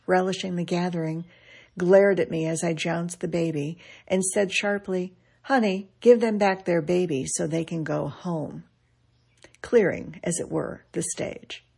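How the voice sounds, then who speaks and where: A middle-aged woman reading a reflective essay aloud in a wry, measured way. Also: on the low side, creaky, a little mellow, breathy edge. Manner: wry, measured, quoting others with dry emphasis. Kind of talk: scripted reflective narration.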